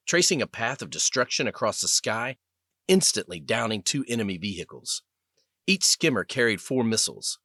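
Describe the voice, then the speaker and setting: A man narrating an audiobook with an expressive, scripted delivery. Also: lowish voice, no echo, clean studio sound. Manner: expressive, lively reading.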